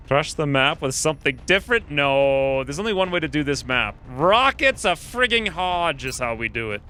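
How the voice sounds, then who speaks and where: A man's voice: a little high, very animated, a little slow, sharp tone, soft background music. A man giving casual gameplay commentary, joking, self-mocking and thinking aloud about his choices. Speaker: gaming streamer.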